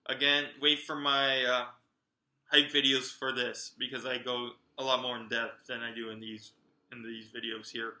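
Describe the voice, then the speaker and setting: A man giving a chatty, excitable roundup of upcoming wrestling events and talking straight to his viewers. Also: medium pitch, normal speed, reverberant. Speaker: wrestling vlogger.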